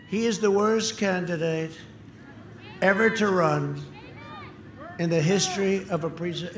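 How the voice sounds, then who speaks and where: A man giving a campaign rally speech in short, punchy, repeated phrases, sometimes breaking into shouts, recorded outdoors through an echoing PA. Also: high voice, noisy background. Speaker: political speaker at a rally. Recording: echoey outdoor PA sound with crowd. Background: cheering crowd.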